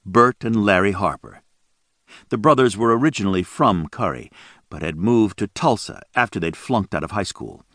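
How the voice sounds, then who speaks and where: A man reading a story aloud as audiobook narrator in a steady, even manner. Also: on the low side, moderate pace, no room sound, clean studio sound. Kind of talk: scripted narration.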